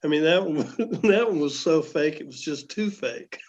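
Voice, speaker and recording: A man chatting on an online astronomy session, speaking haltingly with many fillers. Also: a little high, expressive, a little mellow, muffled recording. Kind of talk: casual online chat. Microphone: online call mic.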